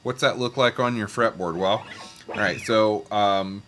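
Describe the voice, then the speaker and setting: A man's voice: on the low side, unhurried, a little hiss or hum. A man teaching a guitar lesson, patiently explaining scales and calling out note names. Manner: patient, talks over guitar, sings note names along. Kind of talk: casual music lesson. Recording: loud guitar playing behind voice.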